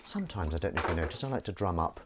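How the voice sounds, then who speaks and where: Over heavy background noise, a man with a low voice races through his kitchen livestream, pitch swinging widely. He's washing up while he chats casually, cracking jokes, rambling, and reading viewer comments aloud.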